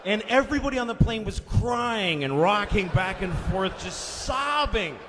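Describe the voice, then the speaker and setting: A man telling a story in stand-up, animated and profane, shouting the big moments. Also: high voice, moderate pace, long reverb tail, background noise. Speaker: stand-up comedian.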